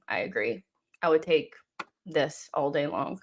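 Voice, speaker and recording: A young woman hosting a live football watchalong, reacting with exasperation and yelling at the referee and players. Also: low voice, animated, measured pace, a little hiss or hum.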